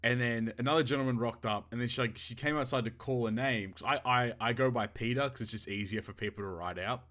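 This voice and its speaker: Young male co-host, bright voice, animated storyteller who swears casually. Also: mid-range voice, fast, few pauses. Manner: animated storyteller, acts out quotes, laughs often, swears. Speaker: podcast co-host. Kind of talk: casual chat.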